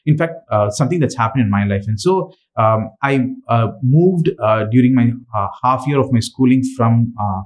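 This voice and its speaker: A man's voice: mid-range voice, lively intonation, moderate pace, hardly any pauses, rough recording. Guy from dubai preaching, reads bible passages, earnest, lots of uhs and restarts. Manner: earnest, with frequent fillers and restarts. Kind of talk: sermon with scripture reading.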